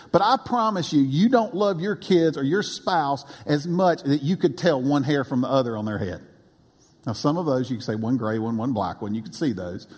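A high-voiced, husky man preaching from the pulpit, swinging widely between loud emphasis and quiet asides. His voice rings out with the long reverb of a church hall. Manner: animated preaching with sudden drops to a low aside. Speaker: pastor. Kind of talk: sermon.

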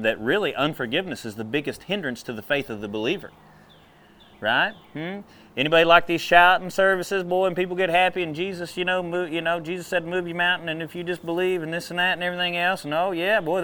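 A man preaching a sermon in a folksy, animated way, drawling and then breaking into sudden loud bursts. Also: on the high side.

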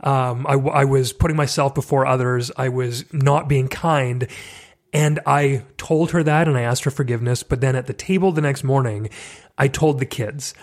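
A middle-aged Canadian man hosting a casual conversation, candid and self-deprecating with animated asides. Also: medium pitch, moderate pace. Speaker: podcast host.

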